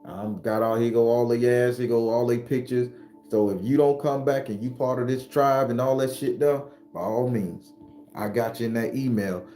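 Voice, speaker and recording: A man streaming live, talking bluntly with plenty of cursing and calling out viewers by name. His voice is dark and mellow, with faint music playing underneath. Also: medium pitch, moderate pace. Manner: blunt, profane, animated, greets viewers by name. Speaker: host. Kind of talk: casual live-stream talk.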